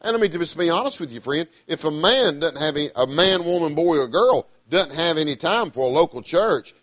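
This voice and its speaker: A middle-aged man, preaching a sermon with emphatic, swinging delivery, loud declarations dropping to quiet asides. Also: fairly high pitch, lively intonation, fairly quick, no room sound.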